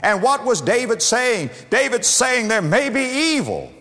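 A man's voice: extremely high pitch, sing-song, a little slow, bright, forceful tone. A man preaching a sermon, building phrases with dramatic rises and drops and repeating key words for emphasis. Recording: long hall reverb.

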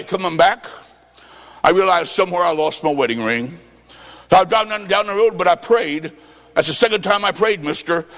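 Man, revival preacher, fervent, storytelling, long hall reverb, church. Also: high-pitched. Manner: fervent, shouting at peaks, acts out quotes.

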